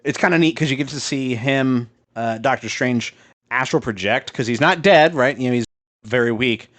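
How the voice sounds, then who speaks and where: A man's voice: mid-range voice, moderate pace, fairly bright tone, dry recording. Laid-back man, dry close sound. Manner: loose and profane, heavy on fillers, laughs while talking. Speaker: podcast co-host. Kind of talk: casual chat retelling a comic.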